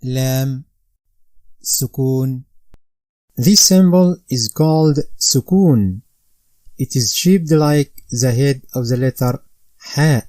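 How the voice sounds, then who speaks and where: Slow, methodical male recitation teacher. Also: mid-range voice, darkish tone, no echo. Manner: methodical, spells out letters and vowel marks one by one. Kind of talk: slow step-by-step instruction.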